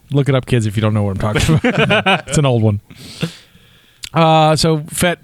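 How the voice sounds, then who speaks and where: A man's voice: fairly high pitch, very animated, measured pace, no echo, clean studio sound. A man co-hosting a casual podcast, recapping an episode with jokes and the odd silly voice. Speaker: podcast co-host.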